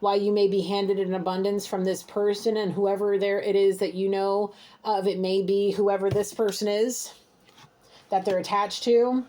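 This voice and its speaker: A woman's voice: mid-range voice, flat delivery, normal speed, dark tone. A woman giving an intuitive tarot reading to camera from home, talking in a heated, scolding, exasperated way. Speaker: intuitive reader. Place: home, alone with pets.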